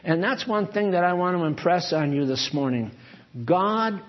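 A man's voice: sits high, expressive, moderate pace. A man preaching a sermon in a conversational, digressive way, reading scripture aloud and asking his listeners questions. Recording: dull lo-fi recording.

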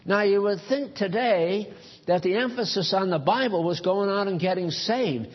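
A man's voice: high-pitched, normal speed, dull audio. A man preaching a sermon earnestly, pressing his points with rhetorical questions.

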